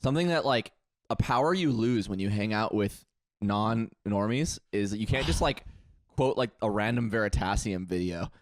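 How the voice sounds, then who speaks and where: A man in casual chat with friends, telling stories in a relaxed way with dry jokes. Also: on the low side, moderate pace, dry recording.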